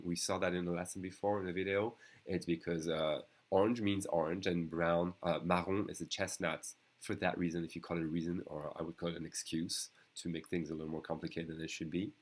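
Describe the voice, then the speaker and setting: A man with a French accent, a native speaker teaching a beginners' language lesson online, patiently repeating each phrase. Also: low-pitched.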